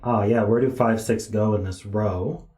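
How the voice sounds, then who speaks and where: A tired man thinking aloud as he solves a puzzle on a stream, slowly counting digits under his breath. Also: on the low side, steady tone, warm tone, echoey room. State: tired, yawning. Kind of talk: thinking aloud while solving.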